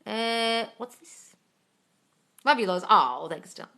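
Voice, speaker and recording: Taking her time, a medium-pitched woman speaks expressively in a pushed, bright voice. Answering live comments in her manifesting Q&A stream, she stays blunt, swears a lot, and calls everyone darling.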